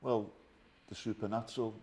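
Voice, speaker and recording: Low, flat-voiced male podcast host. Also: normal speed. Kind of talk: casual interview questions.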